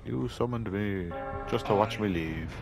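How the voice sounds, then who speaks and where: A man giving casual, swear-heavy commentary over his own gameplay, excitable and panicky. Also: lowish voice, a little slow, gravelly, loud music behind the voice. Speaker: gamer making funny-moments videos.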